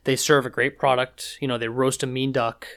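Bright-voiced rambling man. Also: mid-range voice, flat delivery, normal speed, gravelly. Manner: rambling, emphatic, frequent fillers and restarts. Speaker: podcast guest. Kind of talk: casual chat.

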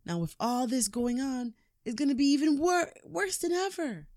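A woman's voice: high voice, very animated, moderate pace, darkish tone, dry recording, studio quality, voice pushed up. A woman voicing a resentful young man, a grown son pleading and accusing in a retold film scene. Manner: pleading, rising to accusing outbursts.

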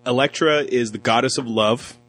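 A man's voice: mid-range voice, normal speed, fairly bright tone, soft background music, poor audio. A man co-hosting a casual film review chat, joking and sarcastic, acting out lines from the movie. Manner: joking, sarcastic, acts out quotes with a voice. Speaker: podcast co-host reviewing a film.

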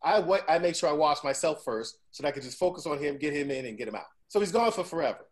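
A man's voice: fairly high pitch, animated, fast. A man in his forties hosting a casual chat, telling stories with frequent profanity and asking "right?" to keep his listener with him. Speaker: podcast host.

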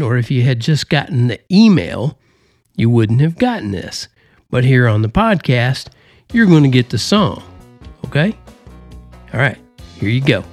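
A man's voice: medium pitch, no echo, clean studio sound. A man hosting a podcast, talking in a folksy, rambling and joking way with a put-on Southern drawl. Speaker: podcast host. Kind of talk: folksy casual monologue.

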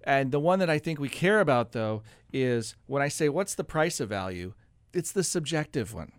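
A man's voice: medium pitch, big pitch swings, moderate pace, dry recording. Dry-voiced man explaining investing. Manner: explanatory, lots of restarts and laughs. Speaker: co-host. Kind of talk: casual radio show chat.

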